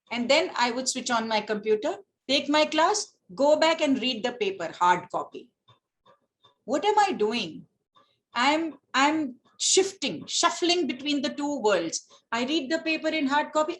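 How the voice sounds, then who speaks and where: A woman's voice: a little high, a bit bright, poor audio. A middle-aged woman with an Indian accent, a professor giving an online lecture over a video call, asking her listeners a run of rhetorical questions. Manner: rhetorical questions, switches into Hindi for quoted students. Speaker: professor giving a faculty talk.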